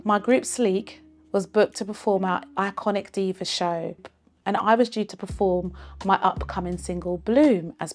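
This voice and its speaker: Earnest woman singer telling her story. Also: mid-range voice. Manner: earnest, expressive, faith-filled telling. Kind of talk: personal vlog storytelling.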